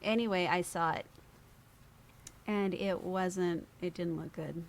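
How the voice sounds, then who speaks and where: Animated woman telling a story. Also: lowish voice, slow. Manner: animated storyteller, acts out quoted voices. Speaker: podcast guest. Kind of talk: storytelling in conversation.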